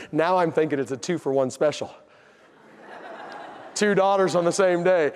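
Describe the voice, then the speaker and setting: A man's voice: a little high, moderate pace, a little mellow. A man preaching a sermon, telling a personal story in an emotional, self-deprecating way. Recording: long hall reverb.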